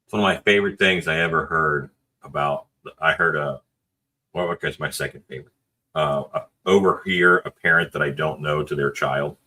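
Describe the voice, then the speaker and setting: A man's voice: extremely low pitch, steady tone, moderate pace, bright, forceful tone, slight background noise. A man with a dry sense of humor telling anecdotes in a casual chat.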